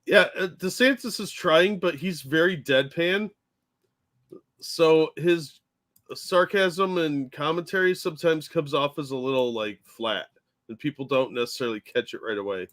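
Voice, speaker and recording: A man's voice: on the high side, moderate pace, fairly bright tone. A man co-hosting a live political reaction stream, bantering in a dry, easygoing way. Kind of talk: casual live reaction chat.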